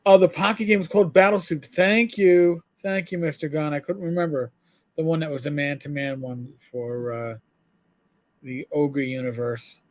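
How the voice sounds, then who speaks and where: A man's voice: on the high side, little pitch movement, normal speed. A middle-aged man co-hosting a live show, chatting casually in a rambling way, full of stammered restarts. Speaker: co-host.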